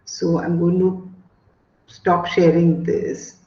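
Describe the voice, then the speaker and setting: Slow, emphatic woman lecturing. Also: medium pitch, darkish tone. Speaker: guest speaker on education. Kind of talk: online lecture to teachers. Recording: roomy, dull-sounding call audio.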